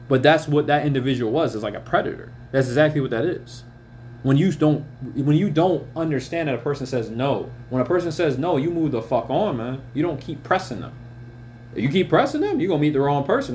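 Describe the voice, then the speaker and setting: A man's voice: fairly high pitch, a little hiss or hum. A man hosting a podcast, ranting bluntly in a casual monologue, swearing often and telling stories with a lot of energy. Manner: blunt, heavy swearing, animated storytelling. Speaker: podcast host.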